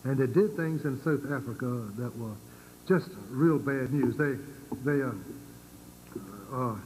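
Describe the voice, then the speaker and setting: An older man with a Virginian accent giving an informal lecture to a congregation, halting and full of fillers and repeated words. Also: mid-range voice, a little mellow, slight background noise, low-quality recording. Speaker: church speaker.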